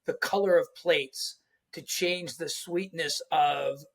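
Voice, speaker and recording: A man hosting an interview, asking questions in a halting way and repeating words as he searches for them. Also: on the high side, steady tone, creaky. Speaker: interviewer, host.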